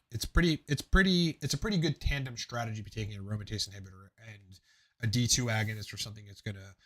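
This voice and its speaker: A man from South Jersey with a South Jersey accent, speaking close to his microphone on a casual livestream. He answers viewer questions in a technical, rambling way, full of fillers and restarts. His pitch sits in the middle of the usual range for a man. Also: fairly bright tone. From South Jersey, USA. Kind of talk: casual live Q&A stream. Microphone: close desk mic on a livestream.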